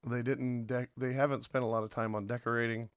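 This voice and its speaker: A man with a hoarse voice from being sick, rambling casually as he comments on a game and drifts between topics. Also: medium pitch, flat delivery, brisk, no room sound, muffled recording. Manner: rambling, meandering, many fillers. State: hoarse from illness. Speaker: game video host.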